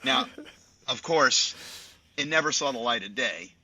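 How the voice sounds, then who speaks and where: A man in his sixties, a sportscaster guest telling anecdotes on a podcast with lively asides. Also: medium pitch, moderate pace. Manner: animated raconteur, chatty with many asides. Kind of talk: podcast storytelling. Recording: dull dry lo-fi audio.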